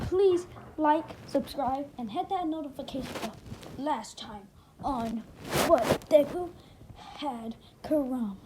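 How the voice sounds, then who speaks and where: A woman's voice: high voice, heavy background noise. A woman casually narrating a fan story, rambling and forgetting details.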